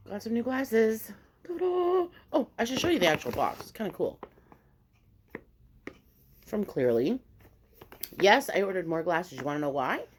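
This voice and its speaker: Woman vlogger, low voice with lots of pitch movement, animated, salty storyteller. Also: slight background noise. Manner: animated storytelling, swears freely. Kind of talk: casual mukbang chat.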